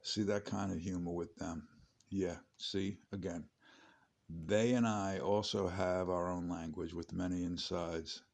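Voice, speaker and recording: A man in his late fifties reads his memoir in a very low, gravelly voice. He rambles from one aside to the next with a dry, joking tone, as if chatting at home. His delivery is loose and conversational rather than polished. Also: steady tone, unhurried. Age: 50s. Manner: chatty, digressive, wry asides. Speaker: author reading his memoir.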